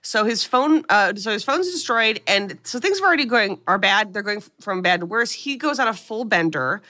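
A woman's voice: medium pitch, animated, normal speed, pushed and bright. A woman co-hosting a podcast, recapping a movie in casual chat and swearing freely as she tells the story.

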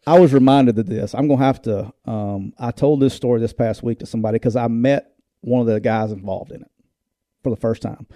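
Animated storytelling former coach, dark voice. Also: male voice, medium pitch, a little fast, dry recording, clean studio sound. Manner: animated, acts out quoted voices, laughs while telling stories. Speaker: former college football coach, show co-host. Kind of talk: casual storytelling chat.

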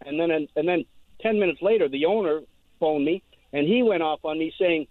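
Guy calling in, talks fast and higher, keeps repeating himself, tinny phone sound. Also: no room sound. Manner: rambling, aggrieved, repeats words. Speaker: caller. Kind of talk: phone call-in story. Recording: tinny dry phone line.

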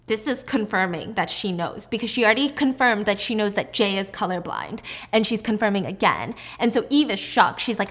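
A woman casually retelling a television drama in a chatty, animated way, with jokey asides. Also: medium pitch, brisk, hardly any pauses. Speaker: drama recap host. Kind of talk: casual drama recap storytelling.

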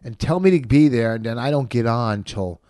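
A middle-aged man comedian talks in casual chat at an everyday pitch. He is insistent and lecturing, and turns defensive when pushed. His voice is recorded dry and close. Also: lively intonation, normal speed, a little mellow, no echo.

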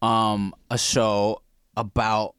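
A man's voice: fairly low pitch, level tone, drawn-out words, a bit bright, smooth, dry recording, studio quality. A man hosting a podcast, telling stories in a loose, profane, casual way full of fillers. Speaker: podcast host.

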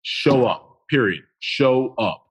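A man, a former football player, telling a game story as a podcast guest in a blunt, emphatic and animated way. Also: medium pitch, slow pace, husky. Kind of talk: casual sports talk.

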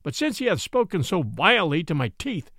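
A man's voice: high-pitched, very animated, brisk, vocal fry, slightly rough, dry recording, clean studio sound, exaggerated voice. A man voicing a greedy, sneering prior. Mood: angry. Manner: sharp, sneering, angry. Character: greedy, scornful churchman, grasping and harsh.

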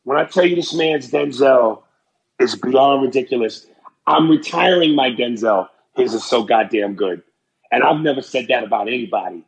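A man's voice: medium pitch, normal speed, vocal fry, poor audio. A man hosting a casual podcast, ranting brashly and profanely about sports and comedy. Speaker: podcast host.

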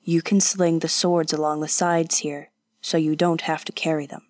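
Brief: woman narrator playing a calm, practical young swordsman in an audiobook, lowered voice, measured. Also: dry recording, close to an everyday voice. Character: young Japanese man, a steady, practical traveler.

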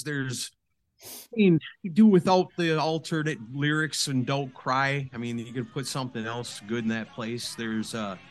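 A man's voice: medium pitch, a bit bright. Easygoing man sharing opinions. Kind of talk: casual chat.

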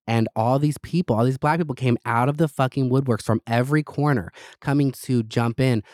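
A man's voice: medium pitch, fairly quick, dry recording. Sassy guy running his own podcast, cussing and gossiping, dead dry room. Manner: gossipy, profane, sassy, animated storytelling. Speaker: podcast host. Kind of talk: casual solo podcast chat.

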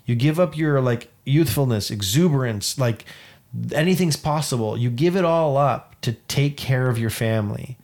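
Expressive and darkish in tone, the mid-range voice of a thirtysomething Canadian podcast co-host moves at normal speed. He's telling a personal story in casual chat, earnest and rambling, frequently starting his sentences over.

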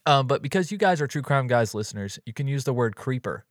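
A man's voice: medium pitch, fast, no room sound, clean studio sound. A man co-hosting a podcast in a laid-back, chatty way, doing a casual ad read and talking with his co-host. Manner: laid-back, chatty, drifts into animated storytelling.

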